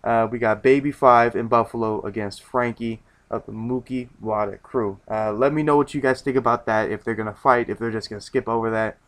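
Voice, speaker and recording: A man's voice: mid-range voice, fairly even intonation, brisk, few pauses, fairly bright tone. A man reviewing in a loose casual chat, rambling with many restarts and casual swearing.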